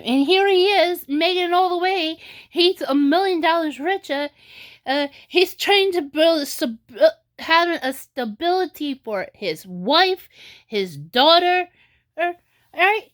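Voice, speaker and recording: A woman vlogger giving casual commentary, halting with many restarts and fillers, at times tearful. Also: high voice. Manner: tearful and emotional in places.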